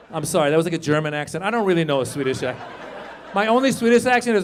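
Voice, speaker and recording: A man in his fifties performing stand-up comedy, chatting with the crowd and shouting his punchlines. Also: high voice, very fast, slight background noise. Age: 50s. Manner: animated, shouts punchlines, acts out voices.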